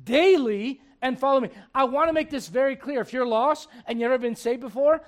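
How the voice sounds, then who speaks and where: High-pitched, animated preacher. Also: male voice, brisk. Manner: animated preaching, mimics congregants, drops low for scripture. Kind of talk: sermon.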